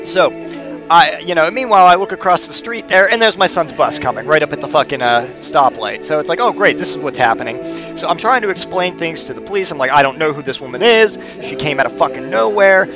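A man's voice: fairly high pitch, animated, brisk, music in the background. A man in his thirties telling a personal story in a rambling, profane way, often repeating words. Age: 30s.

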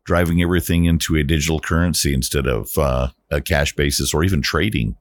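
A man co-hosting a casual political podcast, with relaxed, laid-back asides. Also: rumbling low, quick pace. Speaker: podcast co-host.

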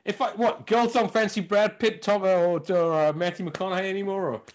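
On a podcast, a stand-up comedian with a high, brisk voice talks casually and tells stories. He animates them by doing impressions and acting out the voices of others.

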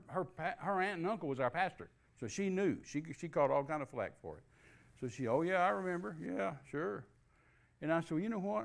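An older man with a gravelly, fry-laden voice tells a personal faith story. He sits a little higher than most men in pitch and acts out each quoted exchange as he goes. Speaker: guest preacher. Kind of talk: storytelling testimony.

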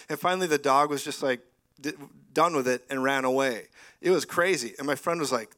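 A man's voice: on the high side, normal speed. A man preaching a sermon to a live congregation, telling stories with laughter and having the room repeat phrases after him. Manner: call-and-response, has congregation repeat phrases; animated storytelling with laughter. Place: church hall with live congregation.

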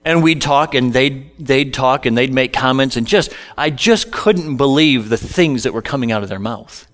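A man's voice: mid-range voice, moderate pace, a bit bright. A middle-aged male pastor telling a humorous personal story in a sermon, self-deprecating and conversational.

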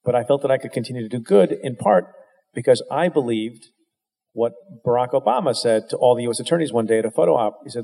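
Middle-aged male interview guest, mid-pitched, wry and self-deprecating storyteller, long hall reverb. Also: fast talker, vocal fry, dark tone. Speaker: guest answering an interviewer's question. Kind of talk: candid storytelling, conversational.

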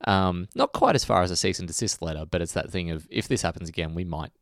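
A young adult man, co-hosting a podcast in casual chat, telling animated stories and laughing often. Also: fast talker, vocal fry, no echo, studio quality. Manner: animated storyteller, laughs often, jumps into high mock voices. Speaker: podcast co-host.

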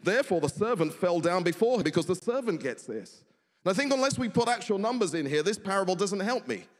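A man's voice: high-pitched, sing-song, fast talker. A man preaching a sermon, earnest, asking the congregation rhetorical questions. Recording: long hall reverb.

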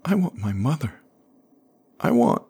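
A man voicing a clingy, tearful shape-shifting boy creature in a high pleading voice, for an audio story. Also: big pitch swings, normal speed, breathy edge, heavily acted.

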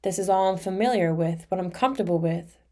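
A woman's voice: on the low side, quick pace, darkish tone. A young adult woman hosting her own podcast, speaking in a candid, emotional confessional monologue full of "like" and casual swearing. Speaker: podcast host.

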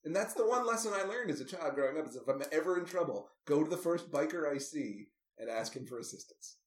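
Male podcast co-host, slightly higher voice, wry recap patter, echoey room. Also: animated, fast talker. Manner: wry, recounting scenes with amused asides. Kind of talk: casual movie recap chat.

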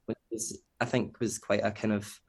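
A young man with a Scottish accent talks about his music as a podcast guest. His voice sits low with a gravelly fry, and his speech wanders with plenty of fillers. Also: normal speed. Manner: relaxed and rambling, heavy on fillers. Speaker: guest, producer and DJ. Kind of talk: casual podcast interview.

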